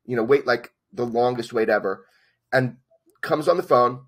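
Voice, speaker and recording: A man in his forties, a documentary filmmaker and interview guest, telling a personal story in a lively way, acting out the dialogue and filling gaps with "like". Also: mid-range voice, normal speed, husky. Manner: lively, acts out quoted dialogue, many "like" fillers.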